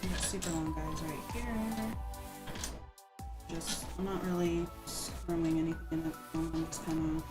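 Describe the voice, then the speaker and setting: A woman's voice: sits low, fairly even intonation, normal speed. A young woman chatting while she builds her first computer on stream, goofy and a little loopy, self-mocking, a bit far from the microphone. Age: young adult. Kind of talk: casual livestream chat. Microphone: microphone across the room, sounds distant. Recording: music playing behind.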